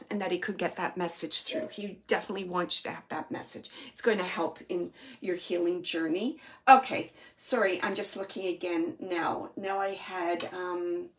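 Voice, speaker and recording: A woman working as a medium, giving a live online reading from home in a gentle, reassuring way with many fillers and restarts. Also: on the low side, gravelly, slight background noise. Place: home, with a small dog nearby.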